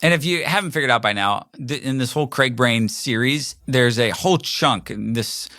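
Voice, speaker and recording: A man's voice: mid-range voice, normal speed, bright, forceful tone, no echo, studio quality. A middle-aged man hosting a podcast alone, talking casually in a rambling way and acting out quoted voices. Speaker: podcast host. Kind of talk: casual solo monologue.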